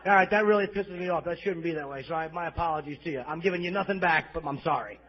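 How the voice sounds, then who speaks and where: This is a New York-accented comic doing a crude, self-deprecating club set, captured on a muffled bootleg recording from the crowd. He talks fast in a somewhat high voice, with a little background noise underneath.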